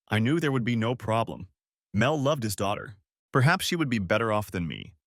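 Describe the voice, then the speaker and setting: Lively male audiobook narrator, dry sound. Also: medium pitch, dry recording. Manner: reads a first-person story in an even storytelling tone. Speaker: story narrator.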